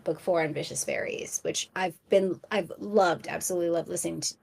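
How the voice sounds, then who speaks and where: A woman author chatting as a podcast guest, enthusiastic and quick to laugh, often restarting her sentences. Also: lowish voice, steady tone, gravelly, darkish tone, slightly rough. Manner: frequent restarts and stammers. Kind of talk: casual podcast chat.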